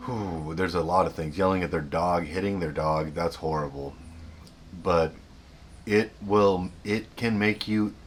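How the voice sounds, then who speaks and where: Male host, very low voice, earnest advice monologue with self-corrections, faint noise behind. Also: measured pace. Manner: earnest, repeats himself, restarts sentences. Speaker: self-help video host.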